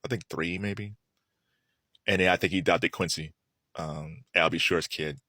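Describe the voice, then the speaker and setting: A man giving casual solo commentary, chatty and animated, laughing often and restarting his sentences. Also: deep voice, moderate pace, no room sound, clean studio sound.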